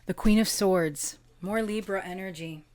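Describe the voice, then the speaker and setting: A woman giving an intimate pick-a-card tarot reading, slow and earnest, affirming her listeners and drawing out key words. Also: medium pitch, dry recording. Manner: gets emotional and laughs softly at times; occasional swearing and casual fillers.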